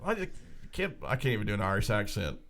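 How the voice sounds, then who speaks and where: A man's voice: fairly low pitch, very animated, fast, creaky, background noise. A middle-aged man co-hosting a casual comedy podcast, joking and rambling, often trailing off and restarting his sentences. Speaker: podcast co-host.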